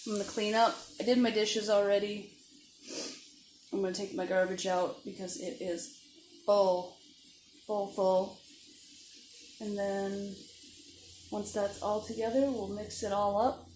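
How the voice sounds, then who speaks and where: A woman's voice: mid-range voice, little pitch movement, a little slow, long pauses, darkish tone. A woman chatting casually as she cooks at home for her cooking vlog, joking about herself along the way. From not from the American South. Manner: chatty, self-deprecating, talks while cooking. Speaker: home cook vlogger. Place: home kitchen with frying pan sizzling. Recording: echoey kitchen with frying noise.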